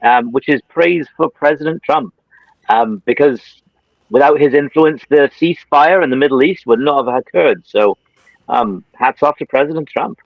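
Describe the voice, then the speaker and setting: A man joining a talk show by video call, chatting casually and quick to joke. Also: medium pitch, vocal fry, no room sound. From New Zealand. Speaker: call-in guest. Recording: dull lo-fi internet call.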